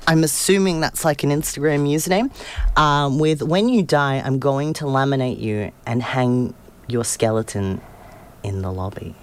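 Young male community radio host, mid-pitched, rambling, laughs easily, talks from the studio. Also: moderate pace, smooth. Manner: rambling, self-deprecating, laughs often. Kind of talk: casual community radio chat.

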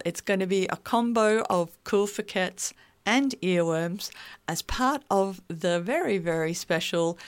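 A woman hosts a community radio show from a studio basement. Her voice is smooth and clear at a middle pitch, and her talk is loose and rambling, with easy laughter. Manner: chatty, rambling, laughs easily. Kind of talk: casual radio chat.

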